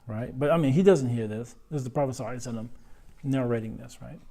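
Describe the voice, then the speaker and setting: A man's voice: mid-range voice, very fast, dark tone. A man teaching an Islamic morals lesson to a class, conversational, asking questions and tagging his points with "right?". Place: lecture room.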